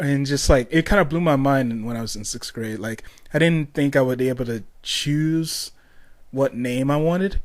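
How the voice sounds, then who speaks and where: A man's voice: medium pitch, normal speed. A young man hosting a casual solo podcast, rambling along with lots of ums, restarts and tangents. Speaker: podcast host.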